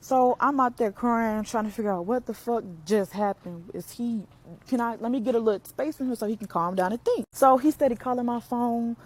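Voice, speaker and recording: A woman's voice: on the high side, fairly quick. A young adult woman telling a personal story on camera in a candid, blunt, profane and emotional way. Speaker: vlogger.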